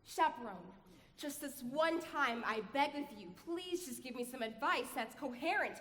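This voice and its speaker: A woman's voice: high-pitched, normal speed, a bit bright. An actress playing a flustered young showgirl bride in a live stage musical, breathless and theatrical. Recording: echoey theater hall from afar.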